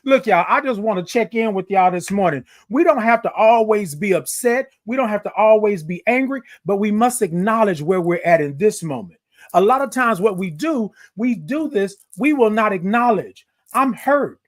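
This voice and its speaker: A young man hosts a motivational livestream and chats casually with his audience. His voice sits high and moves very expressively, rising and falling all the time. He greets viewers by name and stretches his hellos into a playful sing-song. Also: animated, normal speed. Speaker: livestream host.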